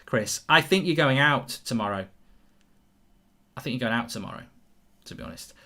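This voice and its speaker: A man's voice: medium pitch, animated, normal speed, sharp tone. A man hosting a live football watchalong, chatty, jokey and rambling as he reads out viewer comments. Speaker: host.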